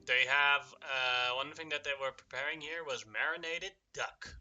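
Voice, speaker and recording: A man running a tabletop game as game master, reading out loot with many pauses and fillers. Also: medium pitch, lo-fi sound, crowd noise. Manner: hesitant, reads out loot with fillers.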